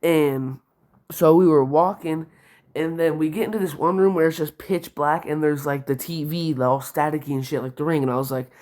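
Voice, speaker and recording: Young dude rambling thru a storytime, swears a lot, says like constantly. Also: male voice, a little high, fairly even intonation, moderate pace, darkish tone. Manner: profane, rambling, heavy use of "like". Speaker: vlogger. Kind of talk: casual storytime.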